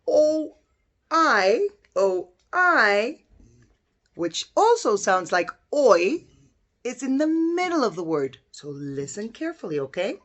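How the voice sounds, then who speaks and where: A woman teacher with a mid-range, sing-song voice gives young children a phonics lesson. She sounds out letters slowly and clearly and praises them encouragingly.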